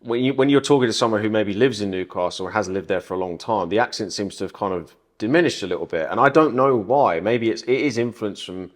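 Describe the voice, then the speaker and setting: A man's voice: lowish voice, fast, few pauses. A man with a southern English accent, co-hosting a casual podcast chat and talking in a thoughtful way with many filler words and restarts. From southern England. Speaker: podcast co-host.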